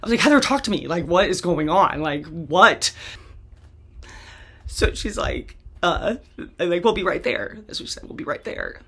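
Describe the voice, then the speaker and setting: A woman's voice: on the low side, animated, moderate pace, breathy edge. A woman host telling a personal story from memory in a rambling, casual way, with constant "like" and frequent restarts. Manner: rambling, heavy use of "like", restarts, occasional swearing.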